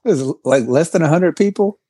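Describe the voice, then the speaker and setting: A man's voice: fairly high pitch, expressive, normal speed, warm tone, slightly rough, no room sound, studio quality. A man co-hosting a casual podcast chat, laid-back and matter-of-fact, often chuckling. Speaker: podcast co-host.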